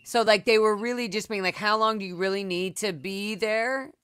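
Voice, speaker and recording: A woman's voice: mid-range voice, normal speed, a bit bright, clear, resonant tone. A young woman hosting a casual video chat, telling stories in an emotional, rambling way and swearing freely. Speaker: podcast host.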